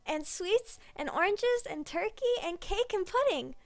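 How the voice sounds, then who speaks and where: A woman voicing an excited small boy in a storybook reading, calling out in a high voice. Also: a little slow, full character voice.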